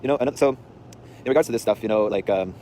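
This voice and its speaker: Rambling male vlogger, lowish voice, talk sped up hard, faint traffic around. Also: quick pace, mellow. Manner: rambling and offhand, with slang and restarts. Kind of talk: casual rambling storytelling. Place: outdoors on a city street.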